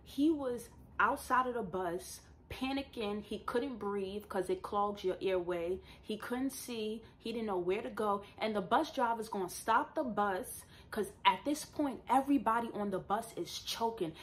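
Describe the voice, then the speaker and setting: A young woman vlogger at home, telling a personal story to camera in an emphatic, animated way and often addressing her viewers directly. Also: mid-range voice, unhurried, hardly any pauses. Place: at home with a dog nearby.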